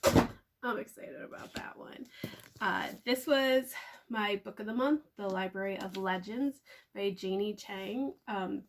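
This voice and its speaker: A young woman talking casually and excitedly about the books she bought, with plenty of "um" and "like.". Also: mid-range voice, a little slow, background noise. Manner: chatty, filler-heavy, excitable. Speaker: book vlogger. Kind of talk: casual book haul chat. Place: at home.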